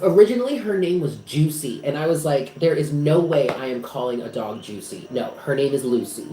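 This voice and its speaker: Streaming live from home, this male psychic reader rambles emotionally and casually, with lots of filler words. He talks a little fast in a warm, mid-range voice with lively intonation and barely pauses. The recording has an echoey room sound and faint noise.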